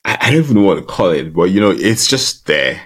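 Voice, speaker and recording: A man hosting a podcast, asking thoughtful questions in a casual, halting way with pauses. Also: deep voice, big pitch swings, a bit bright, slightly rough. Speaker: podcast host.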